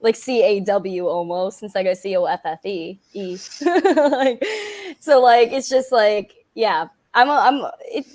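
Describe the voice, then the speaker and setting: A woman's voice: medium pitch, unhurried, darkish tone. A young woman with a New York accent, a guest in casual chat, bubbly and giggly with lots of "like".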